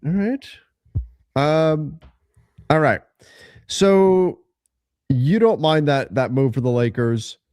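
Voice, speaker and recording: A man's voice: on the high side, animated, takes it slowly, pauses often, darkish tone, smooth, dry recording, studio quality. Man breaking down basketball trades. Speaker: podcast host. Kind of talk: live basketball analysis chat.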